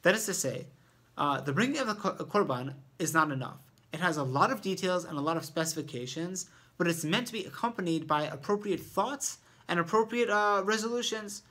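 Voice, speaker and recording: A man's voice: high voice, lively intonation, brisk, bright, forceful tone. A man teaching an informal Torah lesson who explains step by step and thinks aloud as he talks.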